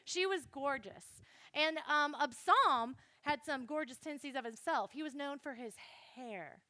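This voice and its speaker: A young woman giving a chatty, animated Bible lesson to a youth group and speaking straight to the listeners. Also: high voice, normal speed, no echo, studio quality. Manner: chatty, animated, addresses the audience directly.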